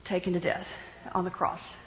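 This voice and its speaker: Woman preacher, sermon, animated, humorous, long hall reverb. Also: fairly low pitch, normal speed. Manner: lively, animated, jokes with the congregation.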